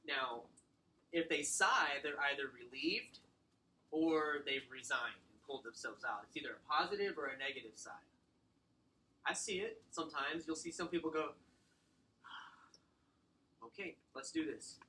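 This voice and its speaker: A man giving a casual sales training talk, animated and acting out client exchanges. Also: fairly high pitch, moderate pace, poor audio. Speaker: real estate sales trainer.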